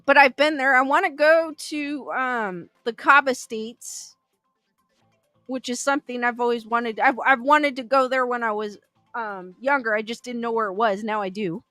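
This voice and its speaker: Chatty woman livestream host, high and bright, dry close sound with faint music behind, reading chat and musing aloud. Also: normal speed, no room sound. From Southern California. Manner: chatty, laughs often, thinks aloud with fillers. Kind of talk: casual live chat.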